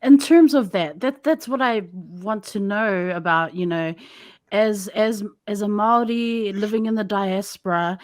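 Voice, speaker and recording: A woman hosting a podcast interview over a call, asking halting, rambling questions. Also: medium pitch, dry recording. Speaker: podcast host. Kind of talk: casual interview. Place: remote call.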